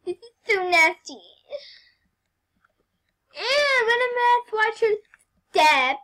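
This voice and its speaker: An excitable young woman talks over her gameplay in a high, very lively voice with a bright, sharp tone. She takes her time, sliding from hushed whispers into loud squeals and back. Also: slow pace, long pauses. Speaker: gamer. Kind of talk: casual gameplay commentary.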